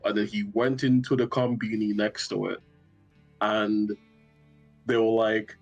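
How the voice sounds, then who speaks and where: A man's voice: fairly low pitch, fairly even intonation, measured pace, soft background music. A young man casually recapping a tabletop game session, rambling and joking with lots of swearing. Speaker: tabletop player.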